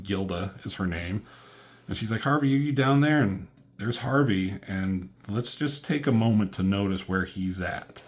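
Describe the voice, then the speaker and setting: A man casually walking through a comic book in a review, rambling with lots of fillers and loose, profane slang. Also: low-pitched.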